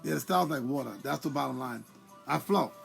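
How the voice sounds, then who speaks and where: Gravelly New man chatting live. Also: medium pitch, fast, faint music behind. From New York. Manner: animated, rambling, greets viewers by name. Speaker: former boxer hosting a live stream. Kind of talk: casual live-stream chat.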